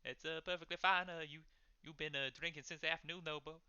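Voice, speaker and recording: A man voicing a nervous male innkeeper who stammers and fills every pause with uh, on a slightly dull lo-fi recording. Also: fairly high pitch, steady tone, pushed and bright, clean tone, dry recording, pitched above the performer's own voice. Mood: placating. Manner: hesitant, full of uh fillers.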